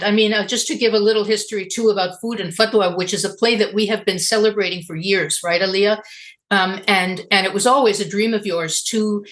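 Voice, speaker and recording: A woman's voice: medium pitch, a bit bright. A woman moderating a panel discussion, asking her guests questions with fillers as she goes.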